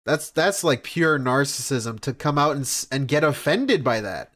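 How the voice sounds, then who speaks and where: A man's voice: mid-range voice, very animated, moderate pace, fairly bright tone. A man hosting a reaction stream, giving sarcastic, mocking, profane commentary on a clip. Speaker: reaction host.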